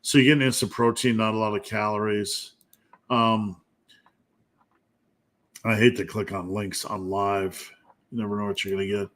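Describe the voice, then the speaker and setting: A man's voice: fairly low pitch, a bit bright. Joking man hosting a live Q&A. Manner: loose, joking, thinks aloud with fillers. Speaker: strength coach and host. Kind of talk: casual live stream Q&A.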